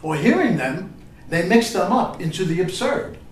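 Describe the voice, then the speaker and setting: An older poet gives a reading to an audience, talking haltingly between poems with plenty of fillers and then reciting each one with real feeling. His voice sits high, and there's a slight hiss or hum. The room echoes widely and the mic is distant.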